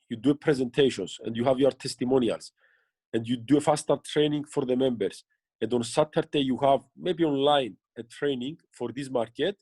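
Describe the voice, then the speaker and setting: A man's voice: mid-range voice, a little mellow, no room sound. Earnest man giving coaching advice. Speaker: interviewed business leader. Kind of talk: motivational interview answers.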